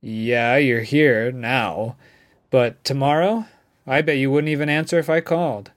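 A man's voice: mid-range voice, steady tone, a little slow, close to an everyday voice. A man voicing a teasing, needy male friend. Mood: reproachful. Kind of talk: audiobook dialogue.

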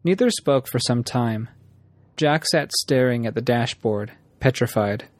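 A man narrating a story in an even, measured reading. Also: medium pitch, no echo, studio quality. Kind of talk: audiobook narration.

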